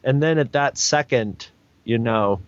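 A man's voice: medium pitch, measured pace, dry recording, dull audio. Rambling man telling a story. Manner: rambling, with many restarts and fillers; acts out other people's lines in raised voices. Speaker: storyteller guest. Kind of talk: casual anecdote telling.

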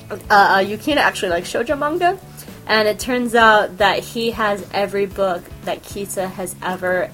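A woman podcast host chatting in a casual, animated way, giggling and swearing as she gushes about her favorite shows. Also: mid-range voice. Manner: animated, giggly, profane fangirl gushing. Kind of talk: casual chat.

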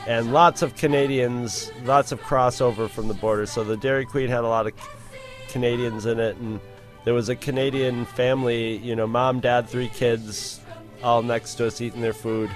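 A man's voice: medium pitch, little pitch movement, moderate pace, soft background music. A male podcast co-host in casual chat, telling a rambling story with many restarts.

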